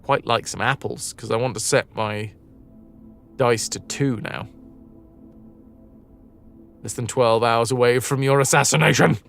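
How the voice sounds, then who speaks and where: A man's voice: medium pitch, measured pace, creaky, long pauses, fairly bright tone, soft background music. A man with a Yorkshire accent streaming a game, chatting casually, musing aloud and answering his chat. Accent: northern English, Yorkshire. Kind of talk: casual live-stream chat while gaming.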